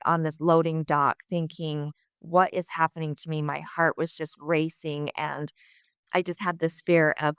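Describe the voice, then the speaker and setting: A middle-aged woman, appearing as a guest, shares her recovery story in a low, smooth, resonant voice captured close and dry with no room sound. Her retelling is candid, earnest, and lively, and she voices the thoughts she had at the time.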